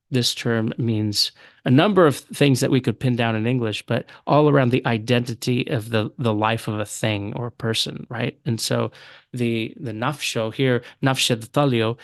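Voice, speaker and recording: Guy teaching a bible study, reads verses out slow then explains, um-ing a bit, dry close sound. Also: medium pitch, gravelly, no room sound. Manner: explains patiently, reads aloud in Syriac, some fillers. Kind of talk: recorded lecture.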